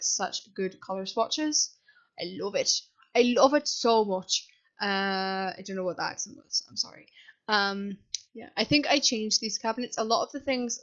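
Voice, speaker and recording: A woman's voice: medium pitch, a bit bright, muffled recording. A young woman from Britain, a university student, chatting casually and rambling in a self-deprecating way over a game build. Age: young adult. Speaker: sims builder voiceover. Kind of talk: casual voiceover chat. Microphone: desk microphone.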